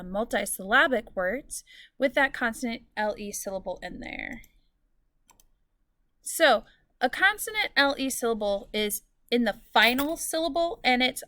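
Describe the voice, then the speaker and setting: A woman teacher giving a recorded lesson to students, explaining clearly and patiently and drawing out example words. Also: fairly high pitch, fairly bright tone, no room sound, clean studio sound.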